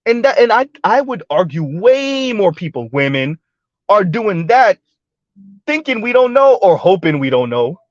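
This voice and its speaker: High-voiced man giving blunt commentary. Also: big pitch swings, unhurried, dry recording, lo-fi sound. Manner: blunt, rhetorical, keeps asking "right?". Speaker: live stream host. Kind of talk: casual commentary to a live chat.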